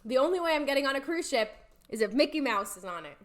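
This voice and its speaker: A woman's voice: high-pitched, fast. A young woman co-hosting a podcast, chatting and reading news items aloud. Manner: relaxed, reads news items aloud between banter. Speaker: podcast co-host. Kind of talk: casual chat.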